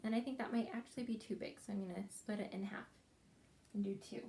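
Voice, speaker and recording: Guiding young children through a craft activity, a preschool teacher speaks slowly, softly and with encouragement as they follow her. She has a mid-range voice with a steady tone, and there's a little hiss or hum on the recording.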